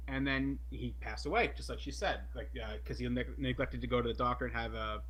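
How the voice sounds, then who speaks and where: A man's voice: mid-range voice, fairly quick, fairly bright tone, poor audio. A man co-hosting a podcast, telling a personal story in a loose, hesitant way with casual swearing. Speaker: podcast co-host.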